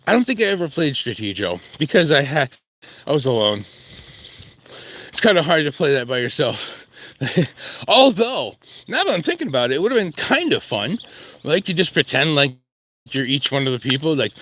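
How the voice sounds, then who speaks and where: A man's voice: on the high side, animated, measured pace, pushed and bright. A man rambling jokily while live-streaming a walk outdoors with his dog, chatting to his viewers. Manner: jokey, rambling, talks to chat and his dog.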